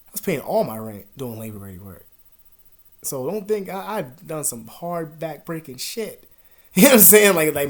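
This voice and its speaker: Rambling, profane young man vlogging. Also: a little high. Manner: profane, rambling, drops to a mutter then bursts loud. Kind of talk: casual confessional talk to camera. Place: at home.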